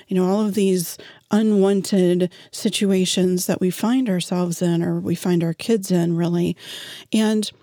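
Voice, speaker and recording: Slow, mellow-voiced woman coaching parents. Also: lowish voice, no echo, studio quality. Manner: steady, measured, addresses listener directly with rhetorical questions. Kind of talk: advice monologue to parents.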